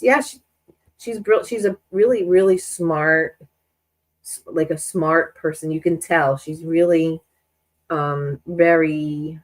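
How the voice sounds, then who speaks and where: A woman's voice: fairly low pitch, rough recording. A woman hosting a sewing live stream, chatting in a rambling way with many restarts while she works, stuffy from a lingering cold. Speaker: sewing channel host.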